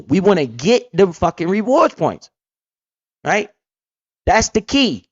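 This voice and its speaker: A blunt, streetwise man hosting a profane, casual money-talk livestream, with big swings in pitch as he talks. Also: no room sound, muffled recording. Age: adult parent. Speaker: livestream host.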